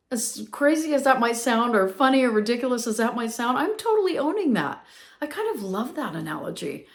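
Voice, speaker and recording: A woman's voice: on the high side, big pitch swings, normal speed. Upbeat woman hosting a motivational podcast. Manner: upbeat, emphatic, repeats phrases for effect. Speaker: podcast host.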